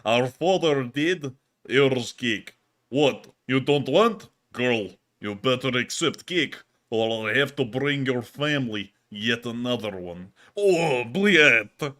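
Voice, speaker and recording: A menacing Russian man, as a man puts him on, drags out each threat in a heavy, theatrical accent. The voice is bright and sharp-edged, with slow, deliberate phrasing that leans on every word. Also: medium pitch, lively intonation. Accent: put-on thick Russian.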